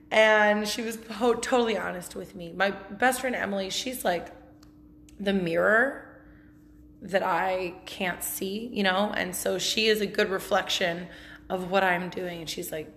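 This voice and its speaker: A woman's voice: lowish voice, fairly even intonation, a little slow, a bit bright, a little hiss or hum. Blunt, profane woman chatting. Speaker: podcast host. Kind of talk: casual storytelling monologue.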